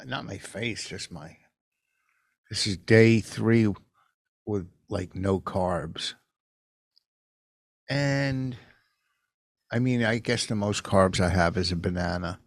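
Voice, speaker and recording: Brief: gravelly, lowish male co-host, blunt and deadpan, dry close-mic sound. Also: slow, long pauses, no room sound. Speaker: podcast co-host. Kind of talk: casual chat.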